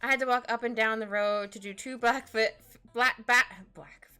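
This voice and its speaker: A woman's voice: on the high side, steady tone, normal speed, pushed and bright, clear, resonant tone, faint music behind. A woman voicing a cranky old grandparent who boasts and scolds with exaggerated tall tales. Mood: scolding.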